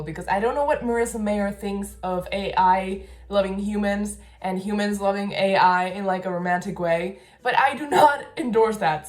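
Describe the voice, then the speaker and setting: A woman's voice: mid-range voice, reverberant. A young woman talking casually and with enthusiasm as she reviews the books she read this month, laughing now and then. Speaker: book vlogger.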